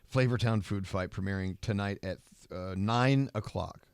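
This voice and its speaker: A man's voice: on the low side, creaky, smooth, no room sound. A man hosting a morning radio show, interviewing a guest in a playful, teasing way. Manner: playful, teasing, quick reactions. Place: radio studio.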